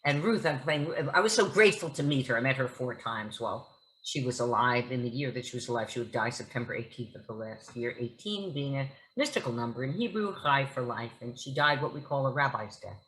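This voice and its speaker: A woman's voice: rumbling low, lively intonation, brisk, a bit bright, a little hiss or hum, poor audio. A woman actress as a guest at a book talk, telling stories in a vivid, theatrical way. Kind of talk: onstage conversation at a book talk.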